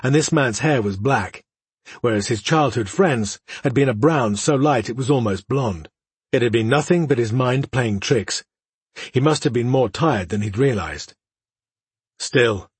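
A man narrating a fantasy story as an audiobook, measured and dramatic, often dropping to a hush. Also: mid-range voice, husky, dry recording.

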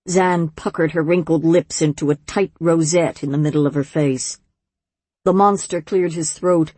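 A woman narrating a storybook at a slow, measured pace. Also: low-pitched, steady tone, a little mellow, dry recording. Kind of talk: storybook reading.

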